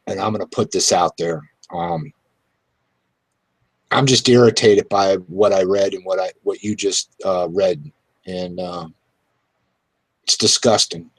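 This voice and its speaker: A man hosting a talk show, speaking in an irritated, halting way with many fillers. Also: sits low, husky, no room sound. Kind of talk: casual political talk.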